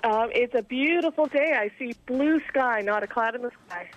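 A woman's voice: fairly high pitch, moderate pace, highs cut off. A woman calling in to a radio show, friendly and hesitant, with lots of ums. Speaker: phone-in correspondent. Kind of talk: phone call on radio.

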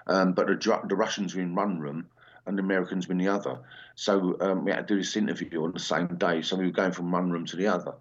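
Low-voiced rambling older English man. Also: fairly even intonation, quick pace. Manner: rambling, full of ums and restarts. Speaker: interview guest, punk singer. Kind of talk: casual interview chat. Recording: slightly dull lo-fi sound.

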